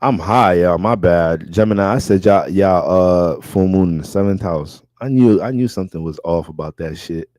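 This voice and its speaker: A man with a low, mellow voice gives a casual astrology reading. He talks in a loose, profane and animated way. The sound is close and dry. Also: normal speed, hardly any pauses, no echo.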